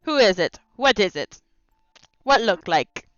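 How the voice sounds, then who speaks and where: A woman's voice: mid-range voice, very animated, a little slow, dry recording, muffled recording, soft background music. A woman player in a tabletop game, describing her character's actions. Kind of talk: tabletop role-play.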